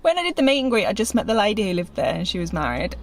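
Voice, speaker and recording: A woman's voice: medium pitch, big pitch swings, very fast. A woman vlogging casually as a pet sitter, chatting to the camera and cooing playfully at the pets. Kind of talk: casual vlog chat.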